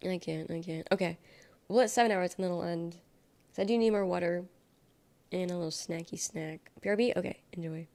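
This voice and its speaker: A woman's voice: on the low side, fairly quick, a little mellow. A young adult woman streamer chatting casually and sarcastically, reading viewer comments aloud and rambling between topics. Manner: rambling, sarcastic, reacts to chat. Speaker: livestreamer.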